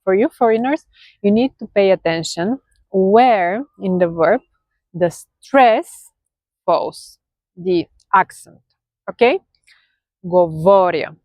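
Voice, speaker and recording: Bulgarian lady teaching grammar online, patient, keeps saying okay, mid pitch, dry room. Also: animated, slow pace, long pauses, no room sound, dull audio. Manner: patient, checks in with frequent "okay?". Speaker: language teacher.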